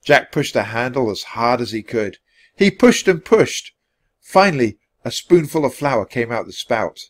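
Expressive man reading a storybook aloud. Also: mid-range voice, moderate pace. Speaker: storybook reader. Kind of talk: read-aloud narration for English learners.

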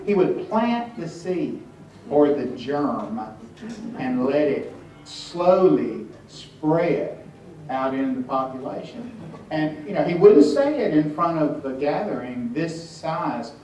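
Slow, wry man in an echoey room. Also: a little high, sing-song, dark tone, far from the mic, slight background noise. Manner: slow, wry, halting with many restarts. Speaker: author speaking at a tribute event. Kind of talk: storytelling talk to an audience. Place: hotel event room with audience.

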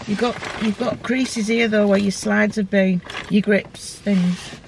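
Gravelly mother chatting fondly. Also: medium pitch, steady tone, unhurried, darkish tone, slight background noise, poor audio. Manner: fond and chatty, compliments freely. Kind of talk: casual chat off camera.

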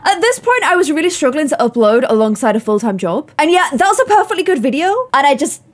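A young woman with a Yorkshire accent, reacting to her old videos in an animated, self-mocking, exclamatory way. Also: sits high, fast. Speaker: YouTuber host.

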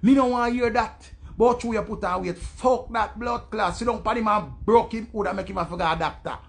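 A young Jamaican man rants in thick, profane patois and flips into mocking impressions of other people. His voice sits high for a man and has a gravelly edge. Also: normal speed. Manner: loud, profane patois rant, mimicking voices. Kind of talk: ranting commentary.

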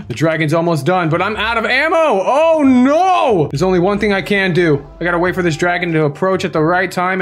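High-voiced excitable young gaming host. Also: male voice. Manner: excitable, playful, kid-friendly taunting of enemies. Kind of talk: Minecraft gameplay commentary.

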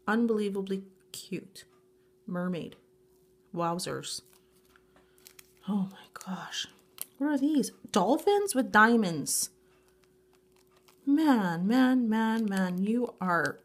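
A woman speaking slowly and at a drawn-out pace, with a voice of medium pitch. She gushes over each item she unboxes, piling up excited exclamations in a casual vlog. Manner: slow, drawn-out delivery. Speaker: YouTuber unboxing a grab bag.

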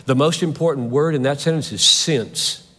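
A man's voice: fairly high pitch, moderate pace, fairly bright tone. A man preaching a sermon with fervor, driving his points home through repeated rhetorical questions. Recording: long hall reverb.

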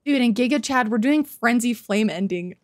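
A woman streaming a video game live, excitable and cursing freely, shouting in triumph and chatting to her viewers, a little out of breath. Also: fairly high pitch, normal speed, no room sound, clean studio sound. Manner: excitable, swears a lot, shouts and squeals in wins. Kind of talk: live gameplay commentary.

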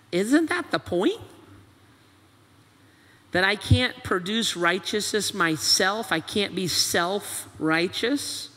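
A man with a high, ringing, forceful voice preaches to his congregation. He presses one rhetorical question after another and slips into quoted voices. The sound carries a long hall reverb, as if heard in a church auditorium. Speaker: pastor. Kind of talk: sermon.

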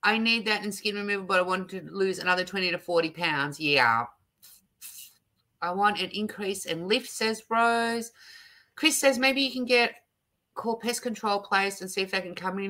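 A woman's voice: lowish voice, pushed and bright. A middle-aged Australian woman hosting a casual live stream, chatting and reading viewer comments aloud with frequent laughs. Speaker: livestream host.

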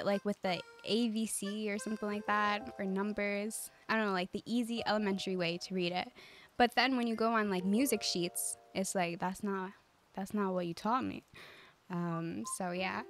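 A woman streaming a life-sim game, chatting casually with viewers in a calm, cozy way, giggling often and using lots of fillers. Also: medium pitch. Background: faint game music.

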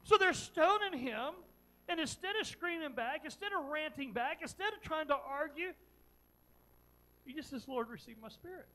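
A pastor with a high-sitting, expressive voice preaches at normal speed, dramatically retelling a story with repeated phrases and swinging from loud emphasis to quiet, earnest questions. The recording is rough.

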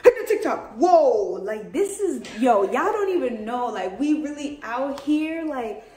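Excitable young woman vlogging, roomy sound. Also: sits high, unhurried, a little hiss or hum. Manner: excitable, slangy, laughs often. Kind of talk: casual vlog chat. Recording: roomy indoor echo.

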